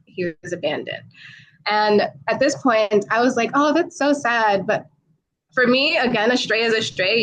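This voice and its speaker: Lively, laughing New York woman. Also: a little high, rough recording. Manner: laughs often, animated retelling with quoted voices. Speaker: podcast guest, travel creator. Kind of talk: casual storytelling.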